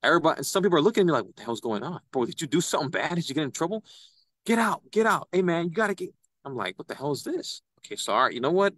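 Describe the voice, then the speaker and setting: A young man, a podcast guest, telling an animated story and acting out the people he quotes. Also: fairly high pitch, racing, hardly any pauses, no echo. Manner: excitable, acts out quoted voices. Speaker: podcast guest, citizen news reporter.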